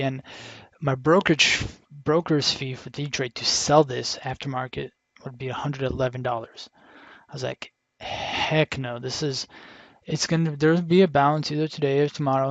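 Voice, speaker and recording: A young man with a gravelly, creaky voice recaps a trade in casual, rambling commentary. He keeps restarting and quotes his own thoughts. The recording sounds dull and lo-fi, dry and close. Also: medium pitch, a bit bright, no echo. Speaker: day trader vlogger. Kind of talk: casual screen-share commentary.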